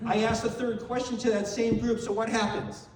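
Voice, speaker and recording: A man's voice: high-pitched, flat delivery, normal speed, background noise. An older man telling heartfelt, emotional stories in a memorial tribute, repeating phrases as he speaks. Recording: very echoey hall, voice from far off.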